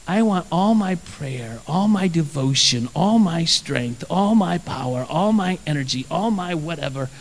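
High-voiced man preaching in a big reverberant hall. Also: a little slow, hardly any pauses. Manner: earnest, lively storytelling with repeated phrases. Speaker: pastor. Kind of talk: sermon with personal storytelling.

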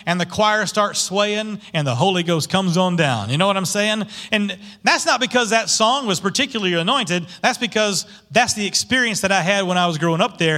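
A middle-aged man preaching from the pulpit in a bright, high voice. He is animated and keeps asking his congregation rhetorical questions. His tone is forceful and lively. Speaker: pastor. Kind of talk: sermon.

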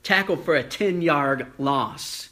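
A preacher giving a sermon, telling a folksy story with lots of ums and uhs and slowing down for emphasis. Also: mid-range voice, fairly bright tone. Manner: folksy storytelling with many fillers; slows down for emphasis.

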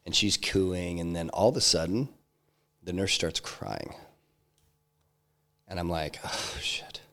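A man being interviewed, telling a personal story in a halting way, full of restarts and fillers. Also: low voice, fairly bright tone. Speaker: interview guest, entrepreneur.

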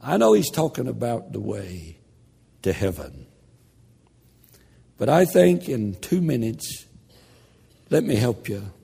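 An older man preaching a sermon, telling a story in a slow, dramatic delivery that drops to a hush. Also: mid-range voice, big pitch swings, creaky, breathy edge, big-room sound.

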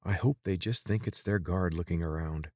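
A man's voice: low-pitched, normal speed, dark tone, dry recording. A man voicing a bossy young woman scout who speaks in an urgent, hissing way. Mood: urgent, sly.

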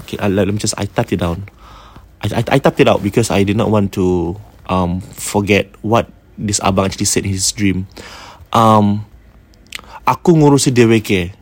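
A man's voice: lowish voice, slightly rough, no echo. A man with a Malaysian English accent casually retelling a ghost story, chatty and slipping Malay words into his talk. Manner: chatty, code-switching with Malay words and slang.

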